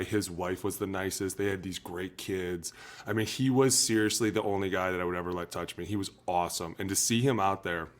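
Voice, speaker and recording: A man's voice: deep voice, fairly bright tone. A man in his thirties, a former pro football lineman, talking earnestly and emotionally on a podcast and acting out what others said. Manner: earnest, emotional, talks fast and acts out quotes. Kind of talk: candid podcast talk.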